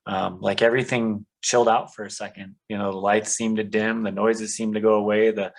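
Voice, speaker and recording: Guy with a lowish voice telling his story, earnest, lots of um and you know. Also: level tone, brisk, gravelly, low-quality recording. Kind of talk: conversational testimony.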